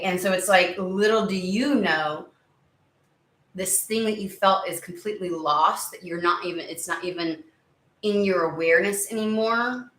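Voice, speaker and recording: A woman's voice: fairly low pitch, a bit bright, echoey room, distant mic, rough recording. A woman giving a casual spoken tarot reading, rambling and searching for words with many fillers. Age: under 70. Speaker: tarot reader.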